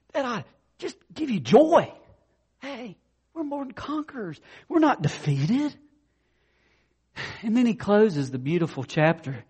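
A man preaches a sermon as a pastor, fervent and excitable, with a breathy edge to his voice. He swings between loud peaks and hushed lows and calls his listeners "guys" and "man."

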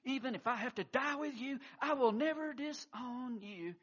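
A man's voice: very high voice, normal speed, husky, lo-fi sound, voice pushed up. A man voicing a frightened, insistent male disciple in a raised, pleading protest.

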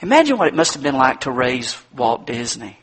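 A man's voice: medium pitch, sing-song, fairly quick, slightly rough. A male preacher giving a sermon in a folksy, storytelling manner.

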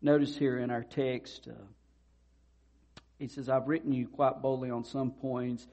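A pastor delivers a sermon in a conversational style, his voice medium in pitch and unhurried. He brings the characters in his stories to life, animating their retold dialogue.

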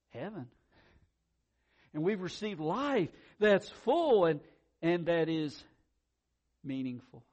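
A pastor preaching a sermon, animated, swinging from loud emphasis to quiet asides and doubling his words when excited. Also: on the high side.

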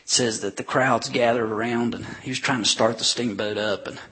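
A man preaching a sermon as a pastor, retelling scripture stories with animated delivery and acted-out voices of crowds. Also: mid-range voice, normal speed, breathy edge. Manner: animated storytelling preacher, acting out crowds with shouts.

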